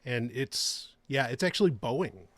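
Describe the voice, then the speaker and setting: A man's voice: mid-range voice, very animated, unhurried, a bit bright, no echo. A man hosting a podcast in casual chat, rambling with many restarts and frequent laughter. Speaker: podcast host.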